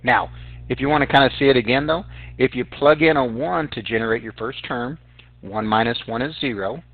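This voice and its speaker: A male math teacher with a mid-range voice moves briskly through sequences on a calculator, explaining each step aloud and speaking directly to his students as "guys." The recorded lesson has no room sound and a dry, tinny, phone-like character.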